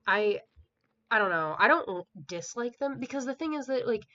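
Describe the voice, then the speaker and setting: A woman's voice: on the high side, expressive, moderate pace, sharp tone. A woman reviewing a book in a casual vlog, recapping the plot in a rambling way with lots of filler words and an exasperated, dismissive tone. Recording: dull lo-fi home recording with faint hiss.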